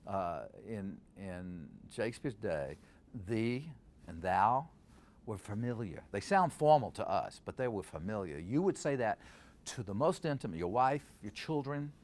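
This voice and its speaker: Older man, low voice, lively intonation, theater director, recites verse in an interview. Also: a little slow. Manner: animated, quotes verse aloud to show stresses. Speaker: Shakespeare scholar and director. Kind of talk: interview answers.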